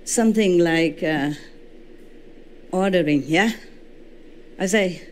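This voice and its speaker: A woman spiritual teacher giving a lecture in non-native English, telling stories with lively reenactments and often checking in with "you know" and "okay?". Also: fairly low pitch, measured pace, long pauses. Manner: animated storytelling, reenacting her own shouts. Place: indoor lecture at a retreat. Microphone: microphone.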